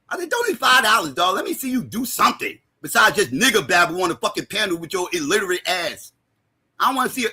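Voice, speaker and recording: A man delivering a profane, heated roast rant on a livestream, mocking and often shouting. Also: sits high, breathy edge.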